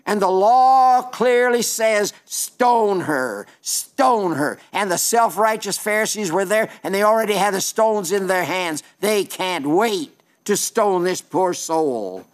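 An older man preaching a sermon in a folksy storytelling way, slowing down for emphasis. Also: high voice.

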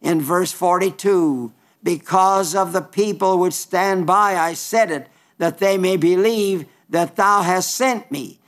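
A man preaching a sermon, emphatic and folksy, quoting scripture in King James wording and dropping into low, wry asides. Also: slow pace.

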